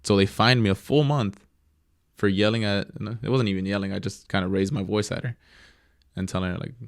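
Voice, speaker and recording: Speaking a bit quickly, a professional goalkeeper, young, with a low and raspy voice, shares stories from his career during a casual interview. He's mostly reflective, turning animated when he acts out others' words. The audio is intimate and completely dry.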